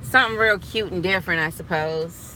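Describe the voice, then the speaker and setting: A woman's voice: lowish voice, fairly quick, pushed and bright. Chatty woman vlogging from a parked car. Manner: chatty, storytelling, laughs often. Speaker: vlogger and property manager. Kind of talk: casual live chat to viewers. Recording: street noise from outside the car.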